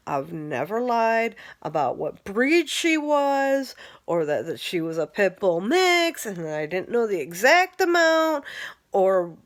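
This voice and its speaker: A young woman venting an angry personal rant, heated and exasperated, swearing often. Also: on the high side. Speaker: vlogger.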